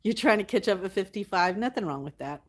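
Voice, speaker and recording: A chatty woman hosting her own livestream, talking loosely and easily to her viewers. She keeps answering their comments as they come in and thanks them often and warmly. Her pitch sits in an ordinary middle range for a woman. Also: lively intonation, quick pace. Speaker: livestream host. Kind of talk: casual livestream chat.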